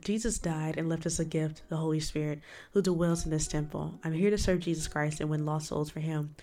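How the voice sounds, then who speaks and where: A woman's voice: sits low, fairly even intonation, a little fast, dark tone. A woman hosting her own faith podcast, talking in an emphatic, preaching way and answering the questions she asks. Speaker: podcast host. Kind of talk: solo faith podcast talk.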